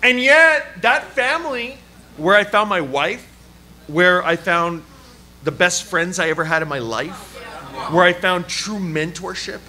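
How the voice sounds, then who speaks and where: A man preaching a sermon at a church service, telling a personal story in an animated, joking way. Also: sits high, a little slow. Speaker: pastor. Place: church service before a congregation. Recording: live church hall with crowd. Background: audience laughing and calling out.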